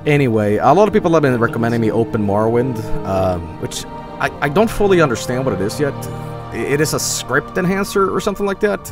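A man's voice: medium pitch, big pitch swings, fast talker. A tired man streaming a game, rambling casually and reading game text aloud. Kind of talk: casual gameplay commentary. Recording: game music underneath.

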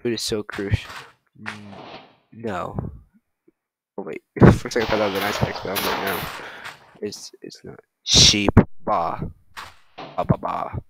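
A man giving excitable let's-play commentary on a survival game, swearing often and talking to his chat. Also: fairly low pitch, moderate pace, long pauses, background noise. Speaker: gaming streamer. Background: background music.

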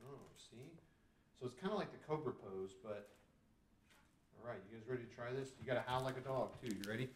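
A man's voice: medium pitch, brisk, far from the mic, a little hiss or hum. A man, a dad, reading a storybook to children, groaning and joking as he tries each pose. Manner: goofy, groaning and joking while doing the poses. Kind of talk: playful storytime with exercises. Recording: roomy echo, voice a bit off-mic.

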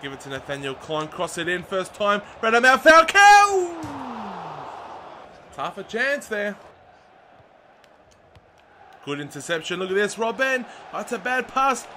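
Excitable young man commentating gameplay. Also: sits high, moderate pace, few pauses. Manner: excitable, shouts at big moments, chatty. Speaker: gaming YouTuber. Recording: audible background noise.

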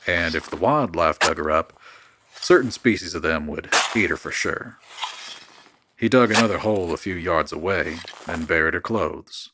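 A man reading a dark horror story in a steady, measured narrating voice. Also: low voice, background noise.

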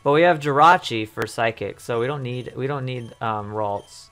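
A man hosting a let's play, rambling and thinking aloud over his gameplay while his voice is going hoarse. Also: medium pitch, normal speed, a bit bright, faint music behind. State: losing his voice. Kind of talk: casual gameplay commentary.

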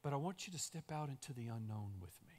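A man voicing God as a calm, patient deity who speaks quietly and reassures. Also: medium pitch, lightly acted. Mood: reassuring. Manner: quiet, gentle, unhurried reassurance.

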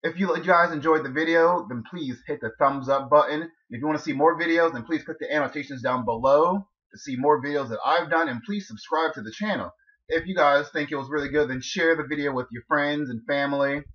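A man's voice: fairly high pitch, fairly quick. A man hosting a gaming channel, giving a casual outro to his viewers. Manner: casual, repeats requests to subscribe. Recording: dull lo-fi mic.

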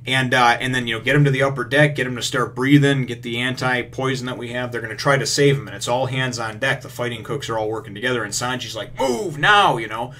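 A man's voice: mid-range voice, fast talker, few pauses. A man with a mid-range voice recaps a manga chapter in a loose, filler-packed way. He swears casually and gets worked up as he retells the fight scenes. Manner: rambling, filler-heavy, swears freely; gets excited retelling action. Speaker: manga review host.

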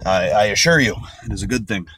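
A man's voice: lowish voice, lively intonation, fast talker, sharp tone, slight background noise. A man giving a casual comedic monologue, rambling and joking with some profanity. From United States. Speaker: vlogger.

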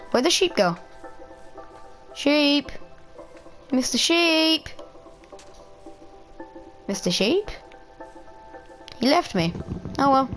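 A young woman giving rambling, giggly let's-play commentary, cracking crude jokes and talking to herself. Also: fairly low pitch. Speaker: gameplay commentator.

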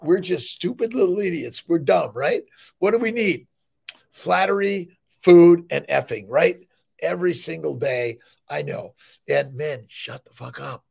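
A man's voice: on the high side, creaky. A middle-aged male fertility doctor hosting a morning livestream, talking in an emphatic, rambling way with blunt, profane asides. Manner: emphatic, rambling, peppered with "listen" and "right?". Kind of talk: energetic motivational monologue.

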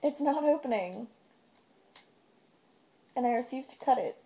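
A woman co-hosting a relaxed video where she opens trading cards. She is chatty, reacts quickly to each card, and talks about the ones she likes. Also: high voice, breathy edge. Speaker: video co-host. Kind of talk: casual card-opening chat.

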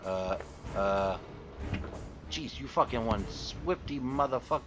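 A man's voice: medium pitch, animated, slow pace, over music. A man giving gameplay commentary, frustrated and swearing as he talks to objects in the game. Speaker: gaming YouTuber.

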